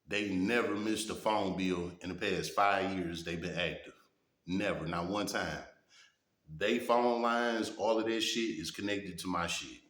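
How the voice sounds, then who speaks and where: Here a deep-voiced, slightly bright vlogger reacts to things and tells stories in a casual monologue, his words bouncing around an echoey room. He's blunt and profane, frequently tossing in "you know what I'm saying."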